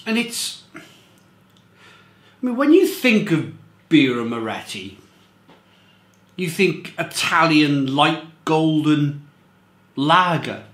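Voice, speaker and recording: A man's voice: fairly high pitch, sing-song, slow pace, pauses often, fairly bright tone. Rambling man with a roomy echo. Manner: rambling, repeats himself, emphatic. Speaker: beer reviewer. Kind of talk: casual review monologue.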